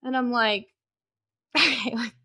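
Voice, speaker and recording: A woman's voice: a little high, fairly even intonation, slow, bright, forceful tone. A woman guest on a podcast, frankly telling a personal story in conversation and swearing freely.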